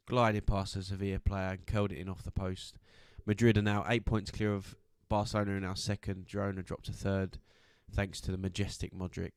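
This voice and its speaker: A man co-hosting a football podcast, giving a steady roundup of results. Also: lowish voice, clean tone, no echo, clean studio sound. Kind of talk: casual chat and news roundup.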